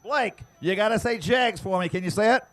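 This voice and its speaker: A man announcing prize giveaways to the crowd at an outdoor dirt racetrack, teasing fans and shouting to get them to answer. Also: high-pitched. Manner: loud, teasing, drawn-out shouting. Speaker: track announcer giving away prizes.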